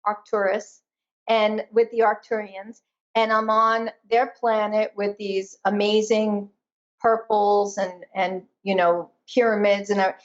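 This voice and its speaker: A woman guest telling a personal story in an animated, emphatic way during a conversation. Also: mid-range voice, slow pace, lo-fi sound. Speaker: guest, energy intuitive.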